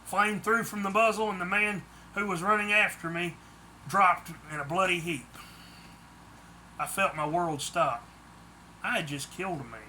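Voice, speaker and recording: A man's voice: fairly high pitch, sharp tone, slight background noise. A man reading a first-person story aloud, plain delivery with some stumbles and restarts. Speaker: audiobook narrator.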